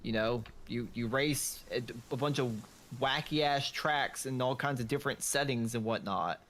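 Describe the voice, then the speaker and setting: A man's voice: mid-range voice, moderate pace, a bit bright. A man chatting casually on a late-night gaming stream, rambling with restarts and crude jokes. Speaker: streamer co-host.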